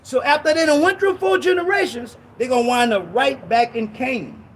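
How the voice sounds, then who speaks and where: In a loose, slangy Bible lesson, a man preaches with emphasis, says things over and over, and bursts into shouting. He speaks a little fast in a very high voice, with slight noise in the background.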